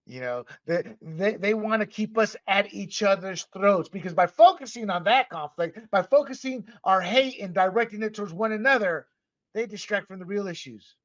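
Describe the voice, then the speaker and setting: A man from Panama hosting a podcast, delivering an impassioned, emphatic opinion monologue that swings between loud and soft. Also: sits high, expressive, normal speed, dry recording. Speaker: podcast host. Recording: dull, slightly muffled dry recording.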